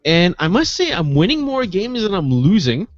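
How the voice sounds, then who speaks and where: Animated joking man, lo-fi podcast sound. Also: high-pitched, moderate pace, no echo. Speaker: podcast co-host. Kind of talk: casual chat. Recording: dull lo-fi podcast audio.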